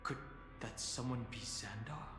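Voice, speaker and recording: Man as a serious, steady game companion; reverberant, soft score beneath. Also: medium pitch, natural voice. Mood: grave. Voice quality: measured, serious. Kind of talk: game voice acting. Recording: reverberant game audio with music.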